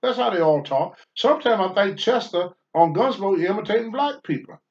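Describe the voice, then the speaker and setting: An older man on a talk show, blunt and preachy, swinging from low mutters to loud outbursts. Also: animated, moderate pace, highs cut off. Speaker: podcast host, former wrestler. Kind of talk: candid talk-show commentary.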